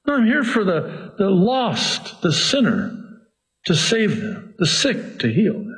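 A male pastor delivering a sermon with a fairly high voice. He talks slowly and deliberately, dropping low and soft before surging up. His style is theatrical and emphatic. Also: wildly swooping pitch. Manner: emphatic, theatrical, swings between soft and loud.

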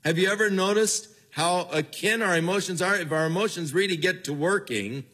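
An older man preaching a sermon in an earnest way, with his voice falling low and soft at the ends of phrases. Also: a little fast, husky. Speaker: pastor.

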